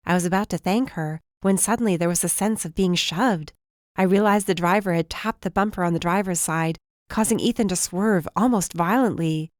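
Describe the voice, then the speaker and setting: A woman reading a first-person mystery audiobook in a measured, even storytelling manner. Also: fairly low pitch, dry recording, clean studio sound. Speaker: audiobook narrator.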